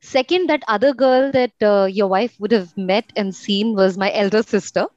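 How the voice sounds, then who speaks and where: A woman's voice: mid-range voice, normal speed, darkish tone, no echo. A young woman from India, a guest in an interview, telling her story reflectively with frequent fillers. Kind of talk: casual conversational interview. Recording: slightly muffled, dry sound.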